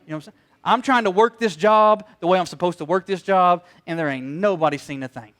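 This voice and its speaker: A middle-aged man preaches a sermon in a high voice. He tells stories with energy and acts out what other people said. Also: fast talker. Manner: storytelling, animated, acts out quoted voices. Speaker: pastor.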